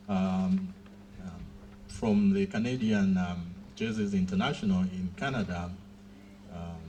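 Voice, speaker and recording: A man giving a formal graduation speech, measured and pausing often with fillers. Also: lowish voice, darkish tone, a little hiss or hum. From Southern Africa.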